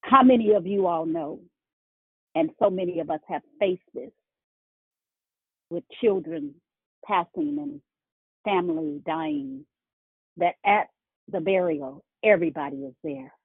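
Husky woman preaching slowly over a phone line. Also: fairly low pitch, big pitch swings, no echo. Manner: emphatic, repeating words for effect. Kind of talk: sermon. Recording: tinny phone-line sound.

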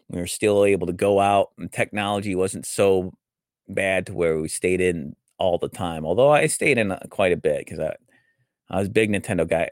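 Low-voiced rambling male live-stream host. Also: no room sound, studio quality. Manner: rambling, full of fillers and restarts. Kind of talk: casual live-stream monologue.

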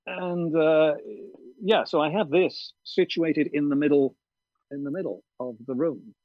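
A man with a breathy, husky voice talks things through carefully, often pausing and restarting. The sound is dry and lo-fi, like a video-call feed. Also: fairly high pitch, dry recording. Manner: thoughtful, hesitant, with many ums and restarts. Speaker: audiobook narrator. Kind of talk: interview over video call. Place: garden studio shed.

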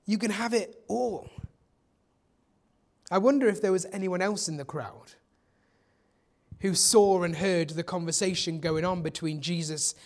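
A man preaching a sermon as pastor, telling the story conversationally and often dropping into a soft hush. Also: sits high, normal speed. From England.

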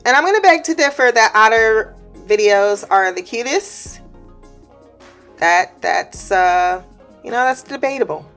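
A woman's voice: fairly high pitch, lively intonation, a little slow, fairly bright tone, faint music behind. A woman giving a casual episode recap, chatty, laughing often, swearing and acting out quotes. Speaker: show recap host.

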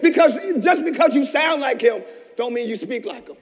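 A man pastor giving a passionate sermon, swinging between shouted peaks and hushed asides, recorded in a church. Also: very high voice, animated, normal speed. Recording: long church reverb.

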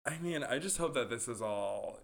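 A man's voice: mid-range voice, lively intonation, moderate pace, creaky. A man co-hosting a podcast in casual chat, jokey and laughing often. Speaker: podcast co-host.

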